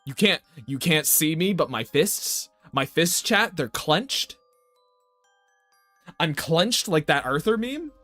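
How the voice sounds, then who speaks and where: A man's voice: a little high, expressive, slow, pushed and bright, faint music behind. A young man livestreaming while he draws, chatting straight to his viewers and ranting with plenty of swearing. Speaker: artist streaming his drawing. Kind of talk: casual livestream chat.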